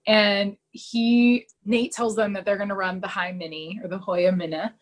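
A woman in casual podcast chat, retelling scenes with lots of fillers and quick quoted voices. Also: mid-range voice, flat delivery, poor audio. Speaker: podcast co-host recapping a TV episode.

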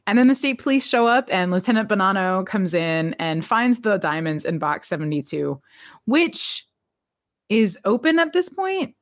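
A woman co-hosting a podcast, recapping a TV episode in animated casual chat and laughing often. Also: medium pitch, moderate pace, no room sound, studio quality. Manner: animated, laughs often, jumps into quoted voices.

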